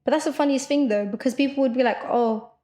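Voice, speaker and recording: A young woman co-hosting a podcast, talking loudly and quickly in a rambling casual chat full of fillers. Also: high-pitched. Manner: loud, fast rambling with many fillers. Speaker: podcast co-host.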